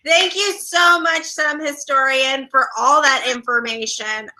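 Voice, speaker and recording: A woman hosting a quiz show, bubbly and playful as she reads out questions quickly. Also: high-pitched, steady tone, bright, forceful tone, poor audio. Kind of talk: upbeat game show hosting.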